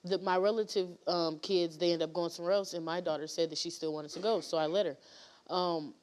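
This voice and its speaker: A woman's voice: lowish voice, fairly even intonation, a little fast, a little mellow. A woman guest on a talk show, telling a painful story in a rambling way with many fillers and restarts.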